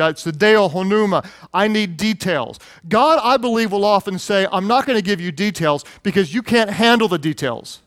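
Animated high-voiced male pastor preaching. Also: dry recording. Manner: animated storytelling, acts out quotes in a high excited voice. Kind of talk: sermon.

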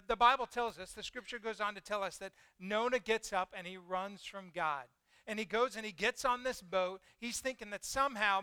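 A man's voice: sits high, pushed and bright, clean tone, no room sound. A man preaching a conversational sermon, asking his listeners questions and acting out the voices in the story. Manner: conversational, asks the congregation questions, acts out quoted voices.

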